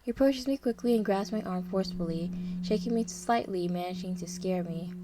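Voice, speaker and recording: A woman narrating a dark story in the first person, with a dramatic, tense and fearful delivery. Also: on the low side, brisk. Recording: noisy background hiss.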